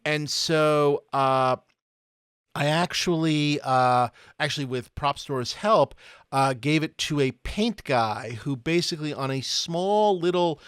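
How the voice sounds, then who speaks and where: A man's voice: on the high side, slow pace, fairly bright tone, clear, resonant tone, no room sound, studio quality. A man co-hosting a podcast, telling stories casually with many hesitations and fillers. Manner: hesitant, filler-heavy storytelling. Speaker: podcast co-host and prop collector. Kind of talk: casual chat.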